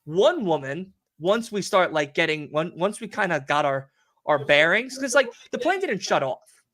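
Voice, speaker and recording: Animated swearing man telling a story. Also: high-pitched, moderate pace. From Long Island, New York. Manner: animated, profane, acts out quotes in put-on voices. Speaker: podcast host. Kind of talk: casual storytelling chat.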